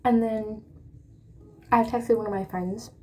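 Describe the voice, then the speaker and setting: A woman's voice: on the high side, steady tone, slow pace, dark tone, a little hiss or hum. A young woman telling a dramatic storytime in a chatty, rambling way while doing her makeup. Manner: chatty, dramatic retelling with many asides and fillers. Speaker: beauty vlogger.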